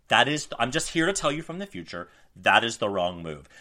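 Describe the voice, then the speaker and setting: Lively, bright-voiced man in his forties. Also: mid-range voice, brisk. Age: 40s. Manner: animated, profane, self-mocking storytelling. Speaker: podcast co-host. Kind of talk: casual chat.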